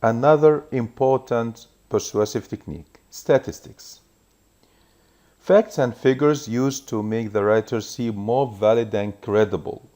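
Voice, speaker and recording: A man teaching a recorded revision lesson, explaining each point in a measured way and reading examples aloud. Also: mid-range voice, mellow.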